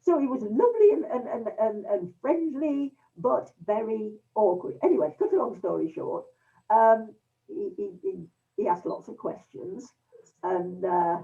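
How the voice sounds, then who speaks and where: A woman's voice: medium pitch, animated, unhurried, creaky, warm tone. An older woman from England telling a rambling anecdote to her history group over a video call, with many restarts and fillers. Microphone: computer mic on a video call. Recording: tinny distant video-call audio.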